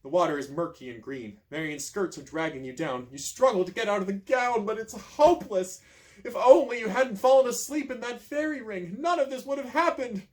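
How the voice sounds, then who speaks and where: A man reading a choose-your-own-adventure book aloud in an expressive storytelling manner, adding casual asides. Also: high voice, fairly quick. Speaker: reader, channel host.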